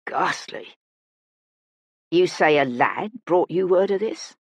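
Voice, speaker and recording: A woman voicing a small, serious male magistrate who speaks gravely and quietly. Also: on the low side, lively intonation, takes it slowly, dry recording, full character voice.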